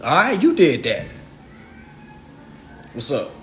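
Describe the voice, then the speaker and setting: A man's voice: fairly high pitch, huge pitch swings, slow, fairly bright tone, soft background music. A young adult man hosting a phone livestream, talking bluntly and profanely in a preachy rant full of acted-out dialogue. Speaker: social media live host.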